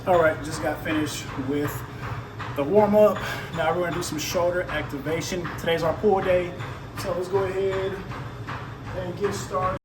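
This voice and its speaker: A man's voice: sits high, steady tone, moderate pace. A man vlogging casually about his workout, chatty and easygoing, recorded on a built-in camera mic with no proper microphone. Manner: chatty, easygoing, thinks aloud. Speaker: fitness vlogger. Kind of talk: casual unscripted vlog talk. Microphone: built-in camera mic, no external microphone. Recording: noisy background, no proper microphone.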